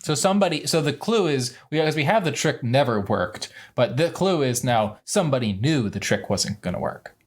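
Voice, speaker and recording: A tabletop player whose voice swings widely in pitch while firing off quick questions. The tone is casual and joking, sitting in a middle register. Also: lively intonation.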